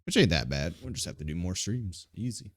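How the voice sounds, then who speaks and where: A man's voice: low-pitched, big pitch swings, a little fast, no room sound, studio quality. A male streamer chatting casually and playfully as he wraps up a live game stream. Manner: rambling, playful.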